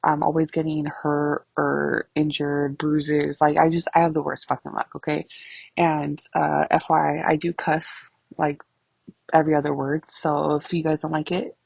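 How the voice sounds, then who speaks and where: A woman's voice: low voice, moderate pace, vocal fry, husky, no room sound. A woman in her thirties hosting her own podcast, telling stories casually, swearing a lot and laughing often. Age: 30s. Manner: profane, laughing, animated storyteller. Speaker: podcast host. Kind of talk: casual storytelling monologue.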